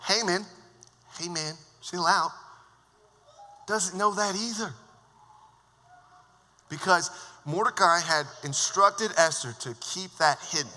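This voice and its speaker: A man preaching a sermon as worship leader, telling the story in a lively, joking way. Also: sits high. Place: church sanctuary. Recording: long church hall reverb.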